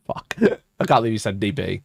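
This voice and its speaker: A man hosting a livestream, answering his chat in a sweary, mocking rant and laughing often, with his voice shooting up high when he gets exasperated. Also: quick pace, vocal fry, no echo, clean studio sound. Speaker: livestream host.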